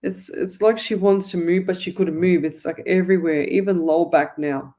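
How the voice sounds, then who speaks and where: A woman's voice: on the low side, steady tone, moderate pace, dark tone. Chatty woman giving psychic readings. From Australia. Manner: rambling, chatty, many restarts, talks straight to viewers. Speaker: psychic medium host. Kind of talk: live call-in psychic reading show.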